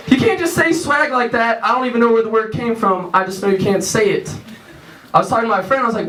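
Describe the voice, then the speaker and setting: A young man performing a crude stand-up comedy set on a theater stage, telling loose stories and switching into quick voices for his friends. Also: high voice, expressive, bright, forceful tone, far from the mic. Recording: echoey room, mic heard from afar. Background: audience laughter.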